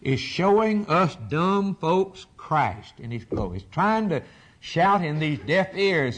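A man's voice: a little high, breathy edge. Older male preacher, fervent sermon delivery, surges and drops in intensity. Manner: preaching with rising fervor and sudden drops.

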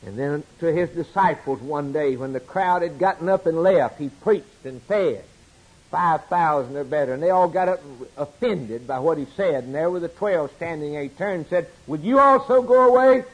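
A man preaching a sermon, swinging from loud emphatic declarations to quiet asides. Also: fairly high pitch, moderate pace, breathy edge, rough recording.

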